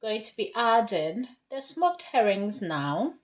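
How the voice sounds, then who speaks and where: A woman's voice: mid-range voice, very animated, slow pace. A woman from Ghana giving a casual cooking demonstration in her home kitchen, chatting through each step as she works. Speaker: home cook.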